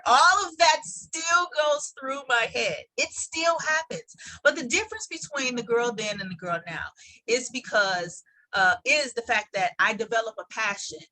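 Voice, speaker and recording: Earnest bright-voiced woman guest. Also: a little high, animated, moderate pace, rough recording. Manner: earnest, reflective, restarts sentences. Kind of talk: personal testimony.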